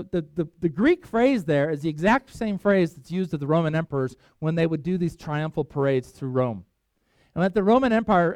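A man's voice: sits high, a little mellow, dry recording. A middle-aged man, a pastor preaching a conversational sermon, acting out quoted voices and restarting sentences as he goes.

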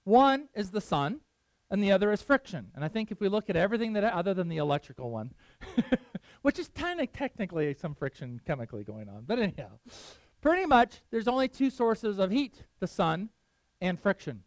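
Chatty high-voiced male preacher. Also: sing-song, brisk, no room sound. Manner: chatty, asks the room questions, laughs often. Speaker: pastor. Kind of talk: casual sermon with audience questions.

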